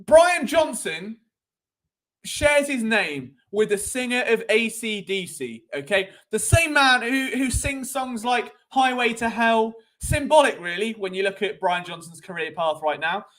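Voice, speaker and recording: A young man with a British accent rambles through a casual sports live stream, teasing and joking as he goes. His speaking voice sits high for a man. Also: sing-song, measured pace, a bit bright. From Britain. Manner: cheeky, rambling, jokey. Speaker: sports show host.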